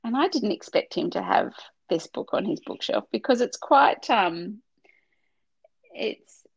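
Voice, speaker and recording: Heartfelt middle-aged woman, gravelly and dry. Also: medium pitch, lively intonation, measured pace, dry recording. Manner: tearful, heartfelt, rambling with restarts. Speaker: podcast co-host. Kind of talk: casual faith podcast chat.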